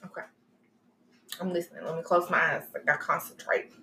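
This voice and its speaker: A woman's voice: on the low side, lively intonation, quick pace, sharp tone. A young woman answering trivia in casual chat, joking and playful. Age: young adult. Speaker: guest. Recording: echoey room with faint ambience.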